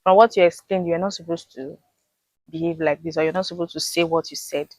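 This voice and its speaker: A woman's voice: fairly low pitch, steady tone, a little fast, dry recording. A woman being interviewed with her husband, patiently explaining her habits and acting out little bits of dialogue. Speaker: interviewed wife. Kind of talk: casual interview chat.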